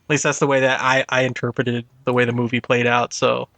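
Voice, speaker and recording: A man co-hosting a podcast, chatting casually about movies, with frequent laughs and halting restarts. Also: mid-range voice, level tone, gravelly, fairly bright tone, no room sound. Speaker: podcast co-host. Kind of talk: casual movie review chat.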